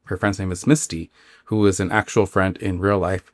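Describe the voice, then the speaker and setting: A man with a low voice hosts a spooky podcast, retelling a listener's dream story in a loose, chatty way. He rambles and leans on fillers, and the recording is close and dry. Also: level tone, normal speed, no echo. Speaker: podcast host.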